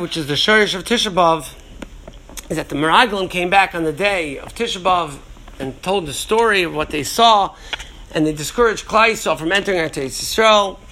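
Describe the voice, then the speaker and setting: A man's voice: high voice, sharp tone, slight background noise. A man giving a Torah class, thinking aloud with many restarts and repeated words, and mixing Hebrew and Yiddish terms into his English. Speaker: Torah teacher.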